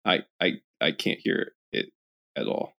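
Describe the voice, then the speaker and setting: A man's voice: unhurried, lo-fi sound. Profane, rambling podcast co-host man. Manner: profane, rambling, animated impressions. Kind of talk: casual chat.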